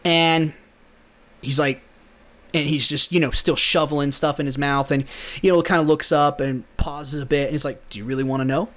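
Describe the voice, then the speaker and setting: Earnest, rambling young man, slightly high voice. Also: fairly even intonation, moderate pace, a bit bright. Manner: earnest, rambling with many restarts. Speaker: podcast host. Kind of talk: casual motivational monologue.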